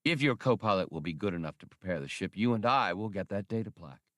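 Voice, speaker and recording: A man voicing a calm, confident male gunman with quiet, smooth menace, pitched lower than his narration. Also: fast talker, no room sound, studio quality. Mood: cool threat.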